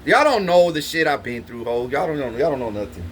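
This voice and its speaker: A man's voice: mid-range voice, very animated, fairly quick, slight background noise. A man telling rambling stories in a boastful way, swearing constantly and laughing between lines. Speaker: vlogger. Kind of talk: rambling profane storytelling.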